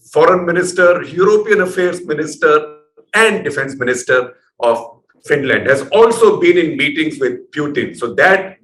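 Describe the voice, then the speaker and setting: A man's voice: a little high, a bit bright, echoey room, slight background noise, poor audio. A man from India hosting an interview, introducing his guest at length in a discursive, conversational way. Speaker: interviewer, show host.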